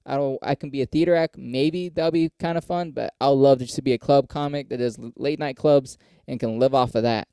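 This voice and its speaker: A young man rambles through a profane podcast monologue, slipping into a higher voice when he acts out other people. His voice is warm and smooth. It is recorded close up in a dry space. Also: fairly even intonation, brisk, hardly any pauses, no room sound. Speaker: podcast host and comedian.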